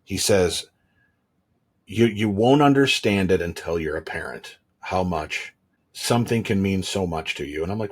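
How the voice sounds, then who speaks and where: Husky low-voiced man telling candid stories. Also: animated, normal speed. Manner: candid, rambling storyteller with frequent restarts. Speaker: podcast host. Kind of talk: casual chat.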